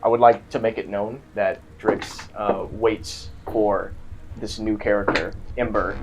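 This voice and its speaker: A man's voice: fairly low pitch, level tone, measured pace, over loud music, rough recording. A man playing his character in a tabletop game, pushing the group to move. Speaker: player.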